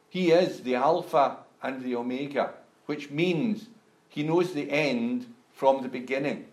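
A man delivers a sermon at an unhurried, deliberate pace and lifts his voice emphatically when reading scripture. His voice sits at a middling pitch and carries a roomy echo, as if recorded in a church hall. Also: a little mellow. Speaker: preacher.

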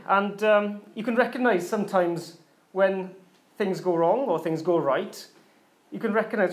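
A man with a high-pitched voice gives a relaxed, conversational sermon to a church congregation. He laughs easily and breaks into quick imitations of voices to make his points. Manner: chatty, laughs often, mimics voices. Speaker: pastor. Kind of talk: informal sermon.

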